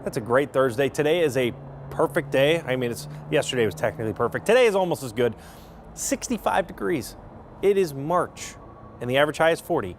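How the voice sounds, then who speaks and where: A man's voice: mid-range voice, expressive, fairly quick, a little hiss or hum. A male meteorologist giving a chatty TV weather forecast, rambling into asides and correcting himself as he goes.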